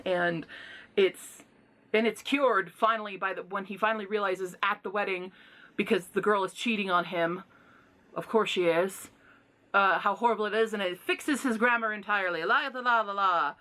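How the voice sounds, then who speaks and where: A woman with a medium-pitched voice reviews books casually at a moderate pace. She retells the plots in an animated, indignant rant, sighing and tossing in exasperated asides.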